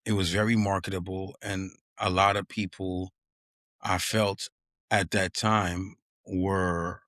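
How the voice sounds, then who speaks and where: A man's voice: deep voice, level tone, slow pace, fairly bright tone, no echo, clean studio sound. A young man hosts a podcast and tells a story in casual chat. He acts out the people he quotes with a raised voice and drops a lot of "yo" and "you know what I mean.". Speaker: podcast host.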